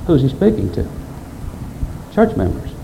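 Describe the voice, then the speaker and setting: Preacher with a lively, emphatic voice. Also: male voice, mid-range voice, unhurried, vocal fry, a little hiss or hum, poor audio. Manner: emphatic preaching, quoting scripture, rising and falling delivery. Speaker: pastor. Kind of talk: sermon.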